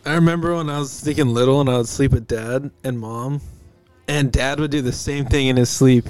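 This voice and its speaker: A man's voice: mid-range voice, steady tone, brisk, a little mellow, no room sound, soft background music. A young man co-hosting a podcast in casual chat, teasing and laughing often. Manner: laughing, teasing, acts out voices. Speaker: podcast co-host.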